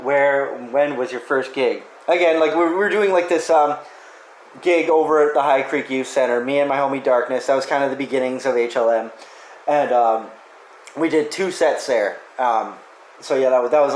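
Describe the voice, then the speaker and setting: A man's voice: mid-range voice, echoey room, low-quality recording. A man in a casual question-and-answer vlog, answering fan questions with offhand, profane jokes. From Canada.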